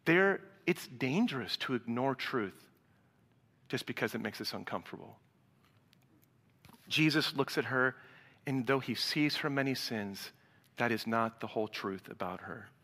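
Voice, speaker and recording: A man preaching a sermon to a live congregation, animated, acting out dialogue and swinging from loud to hushed. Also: medium pitch. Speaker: pastor. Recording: reverberant hall sound.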